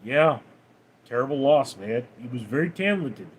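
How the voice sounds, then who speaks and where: A man's voice: mid-range voice, expressive, normal speed, a little hiss or hum. A man livestreaming, reading viewers' names and comments aloud, then answering them offhand. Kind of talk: reading out and answering live chat.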